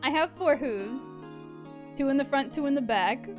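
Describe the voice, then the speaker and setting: A woman's voice: high voice, moderate pace. Giggly young woman streamer. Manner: giggly, swears casually. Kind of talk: casual let's-play commentary. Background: game music.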